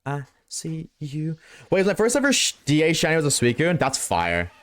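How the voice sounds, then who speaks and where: Lively young man streamer chatting. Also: a little high, fast talker. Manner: slangy, excitable, swears freely. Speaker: streamer reading chat. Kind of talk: casual live-stream chat.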